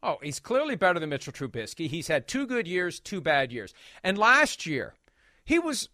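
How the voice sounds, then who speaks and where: Animated, emphatic male sports host. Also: on the high side, moderate pace, no room sound, clean studio sound. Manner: animated, emphatic, fires off rhetorical questions. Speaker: sports talk show host. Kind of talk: opinionated sports talk.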